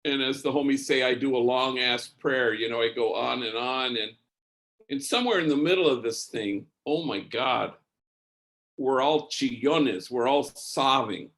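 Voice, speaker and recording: Speaking at a hearing, a man with a middle-pitched, fairly bright voice gives testimony by slowly recounting a personal story. His manner is easy and anecdotal, much like a priest's, and he often pauses and restarts partway through sentences.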